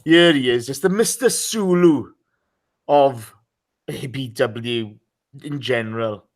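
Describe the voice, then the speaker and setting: A man's voice: medium pitch, takes it slowly. A man hosting a live podcast in a casual, chatty way, teasing his guests and greeting listeners by name. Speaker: podcast host.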